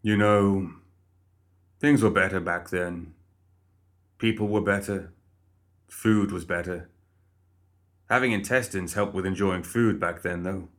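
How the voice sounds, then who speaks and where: A man's voice: deep voice, steady tone, slow, pauses often. A man voicing a boastful, condescending undead man who is only a severed head, in a storybook reading. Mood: smug. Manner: smug and boastful.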